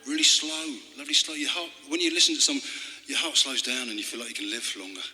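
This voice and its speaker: A man talking between songs at a live club gig, rambling and wry, halting with fillers and political jokes. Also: mid-range voice, lively intonation, sharp tone, a little hiss or hum. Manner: halting, with many fillers and restarts. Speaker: folk singer and storyteller. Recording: hall reverb with guitar playing.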